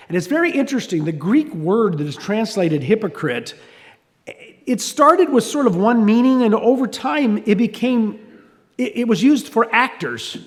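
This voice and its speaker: A man giving a sermon as pastor, talking conversationally with restarts and asides. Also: sits high. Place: church hall. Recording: reverberant hall.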